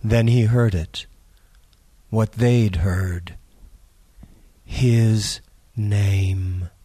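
A man narrating a spooky story in a measured, suspenseful audiobook reading. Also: on the low side, fairly even intonation, mellow, husky, no echo.

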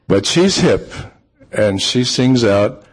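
A man, an author, telling a personal story in a relaxed, unhurried way with frequent pauses and ums. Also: medium pitch, a little hiss or hum. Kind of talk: storytelling talk.

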